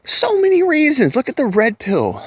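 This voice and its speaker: A man's voice: very high voice, huge pitch swings, normal speed, husky, no room sound. Blunt, profane ranting man. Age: middle-aged. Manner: profane, scornful, mocking voices of others. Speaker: commentator. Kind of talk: blunt rant to camera.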